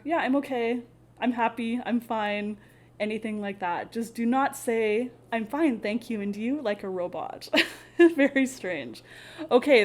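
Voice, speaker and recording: A woman's voice: medium pitch, a little mellow. A woman teaching everyday English phrases in a casual lesson, laughing often and acting out short example dialogues.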